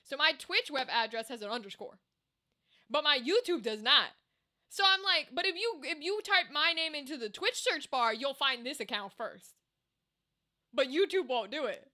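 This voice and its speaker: High bright-voiced woman ranting. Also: moderate pace. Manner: animated, profane, exasperated. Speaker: streamer. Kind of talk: casual rant to chat.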